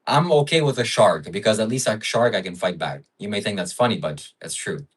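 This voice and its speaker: A man's voice: fairly low pitch, animated, a little fast, breathy edge, recorded from a distance, rough recording. A man hosting a livestream in casual chat, musing and rambling with frequent fillers. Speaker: livestream host.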